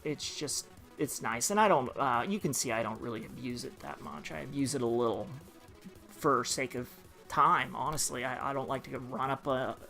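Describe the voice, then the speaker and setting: A man's voice: medium pitch, brisk, vocal fry, sharp tone. Rambling man narrating gameplay. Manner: rambling, with many fillers and restarts. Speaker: gameplay commentator. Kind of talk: casual let's-play commentary. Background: game music.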